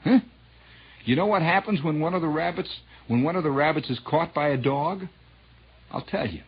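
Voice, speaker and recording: A man's voice: on the high side, expressive, normal speed, husky. A male radio disc jockey giving a wry, sardonic, rambling on-air monologue. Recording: muffled old radio broadcast.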